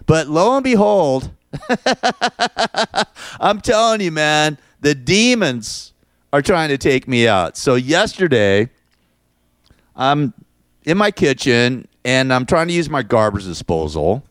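A middle-aged man hosts his own show in a loose, rambling monologue. His voice is smooth and resonant, and the recording is dry and close with no room sound. He tells his stories with crude humor and plenty of swearing. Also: a little high, takes it slowly, pauses often, no room sound. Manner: crude, swearing, animated storytelling. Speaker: show host.

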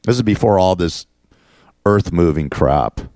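A man with a lowish voice hosts his own show in a crude, sarcastic rant. His pitch swings widely as he mocks the people he complains about. The sound is close and dry, with no room echo. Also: animated, measured pace, dark tone. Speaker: show host. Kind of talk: ranting monologue.

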